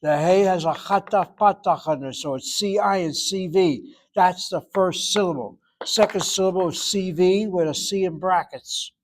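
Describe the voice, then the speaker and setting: A man teaching a Hebrew class, explaining pronunciation and slowly repeating words for students to copy. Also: high-pitched. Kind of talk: classroom lecture.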